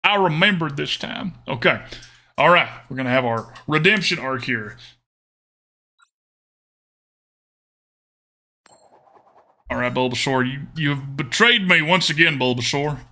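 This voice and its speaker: Male streamer, slightly high, very bright tone, chatty game commentary in a mock drawl. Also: lively intonation, moderate pace. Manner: chatty, talks to chat viewers; jokingly put-on twangy drawl.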